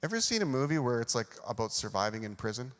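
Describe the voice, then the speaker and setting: Male pastor, mid pitch, animated self-deprecating storyteller, long church reverb. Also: fast. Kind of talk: sermon with personal storytelling. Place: church sanctuary.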